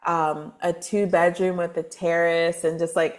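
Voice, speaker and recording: A woman from Texas, a spiritual advisor guest, telling her story in a chatty, lively podcast interview with lots of fillers. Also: lowish voice, measured pace. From Texas, USA.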